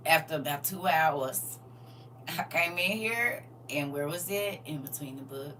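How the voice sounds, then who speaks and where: A woman's voice: fairly low pitch, animated, normal speed, pushed and bright. A middle-aged woman at home, casually chatting with her livestream viewers. She greets them by name and laughs often. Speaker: livestream host. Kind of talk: casual morning livestream chat. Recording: slightly distant mic with faint hum.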